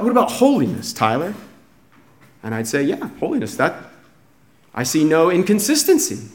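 Male pastor, slightly high voice, earnest sermon delivery with repeated restarts. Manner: emphatic, restarts phrases, swings from hushed to raised.

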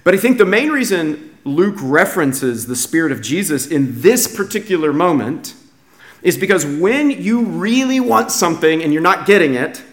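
A man preaching a sermon in a conversational style, shifting between quiet low asides and raised, emphatic lines. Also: big pitch swings, normal speed.

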